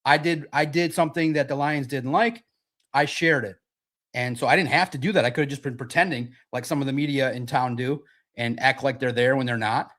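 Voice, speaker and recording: A man's voice: mid-range voice, steady tone, fairly quick, fairly bright tone. A man in his forties hosting a sports podcast, talking in a brash, profane and boastful way in a casual livestream monologue. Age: 40s.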